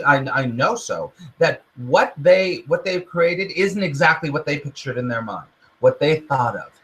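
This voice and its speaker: A man delivers a motivational talk as host of a self-help show. His voice sits a little high and swings widely in pitch. He keeps acting out the inner voice in quotes. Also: rough recording. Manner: animated, acts out the inner voice in quotes.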